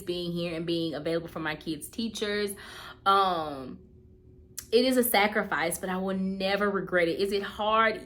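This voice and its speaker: A woman's voice: mid-range voice, fairly bright tone. A woman, talking heartfelt and earnest in a casual vlog, repeating herself for emphasis. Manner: heartfelt, earnest, repeats phrases, gets choked up. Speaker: vlogger.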